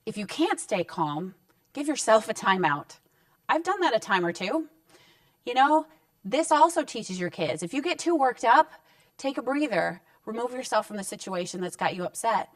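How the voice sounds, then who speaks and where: Woman counselor, relaxed and reassuring parenting talk, dry and slightly distant mic. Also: on the high side, normal speed, dry recording. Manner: conversational and reassuring, acting out short parent-child exchanges. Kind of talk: direct-to-camera parenting advice talk. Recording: dry sound with the mic set back.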